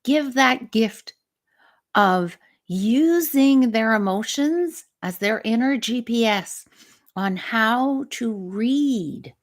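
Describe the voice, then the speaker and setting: A woman's voice: fairly high pitch, lively intonation, extremely slow. A middle-aged woman, a stress management coach and teacher, talking through a live show in a reflective way and often asking the listener questions.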